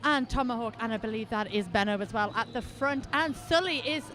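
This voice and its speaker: A woman's voice: fairly high pitch, fairly quick, a bit bright. A woman from New Zealand commentating a roller derby game live, chatty and playful, bantering with her co-commentator.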